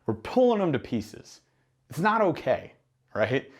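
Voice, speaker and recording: A man's voice: fairly high pitch, sing-song, measured pace. A man coaching gym owners in a monologue, emphatic and full of rhetorical questions and acted-out exchanges. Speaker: business mentor for gym owners. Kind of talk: instructional monologue.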